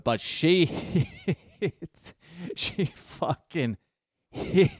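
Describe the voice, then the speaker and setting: A middle-aged man hosts his own comedy podcast, barrelling through a story with constant swearing and gleeful exaggeration. His voice sits at an ordinary male pitch and sounds dry, with no room echo. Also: smooth. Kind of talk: profane comic storytelling monologue.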